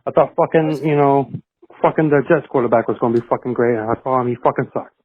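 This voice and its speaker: A man's voice: mid-range voice, fast, dry recording, lightly acted. A male caller putting on a New York accent to play a brash, foul-mouthed sports fan, ranting in profane bursts over the phone. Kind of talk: call-in rant. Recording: tinny phone line.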